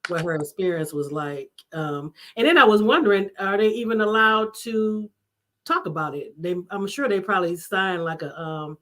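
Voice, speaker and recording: A woman's voice: medium pitch, normal speed, a bit bright. A woman host chatting casually, hesitating often with fillers. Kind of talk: casual chat.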